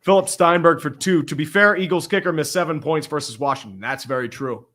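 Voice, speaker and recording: A man's voice: fairly high pitch, fairly quick, fairly bright tone. A young man co-hosting a casual sports podcast, reading out viewer comments with crude jokes. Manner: crude, joking, reads out viewer messages.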